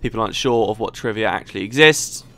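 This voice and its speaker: A man's voice: lowish voice, quick pace, a bit bright. A man talking casually as he plays through a video game, rambling and chatty. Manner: chatty and rambling, with frequent restarts. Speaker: let's play host. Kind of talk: casual gameplay commentary.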